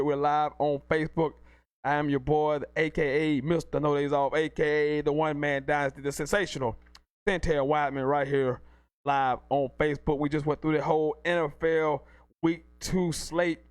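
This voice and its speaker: A man's voice: a little high, dry recording. A man hosting a live call-in sports podcast, hyped and repetitive, hyping himself and reading the call-in number over and over. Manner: hyped, repetitive, self-promoting.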